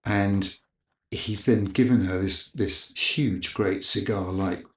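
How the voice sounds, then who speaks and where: A middle-aged man, a camera operator guest, telling a lively anecdote in a casual interview and acting out other people's lines. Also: lowish voice, takes it slowly. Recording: roomy echo.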